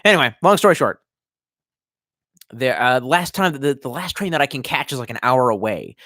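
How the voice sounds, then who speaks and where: A young man rambles through a casual live stream, swearing freely and a little tipsy on wine. His pitch jumps around with lively swings. The sound is dry and close, with no room around it. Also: moderate pace, dry recording. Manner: rambling, profane, reads chat aloud.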